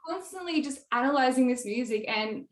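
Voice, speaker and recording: A woman's voice: sits high, lively intonation, fairly quick. Giggly young woman in an echoey room. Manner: bubbly, laughs often, many fillers. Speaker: music producer guest. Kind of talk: casual interview chat. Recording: roomy echo.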